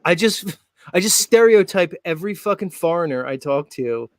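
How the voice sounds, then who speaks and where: A man with a South Philadelphia accent hosting a casual online chat, excitable and swearing freely, laughing often. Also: high voice, moderate pace, dry recording, clean studio sound. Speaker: podcast host.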